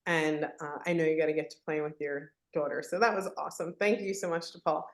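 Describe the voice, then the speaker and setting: A woman with a fairly low voice hosts an online call. She thanks each guest with enthusiastic, effusive praise and keeps the session moving. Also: steady tone, a little fast. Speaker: host. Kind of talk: hosting an online training call.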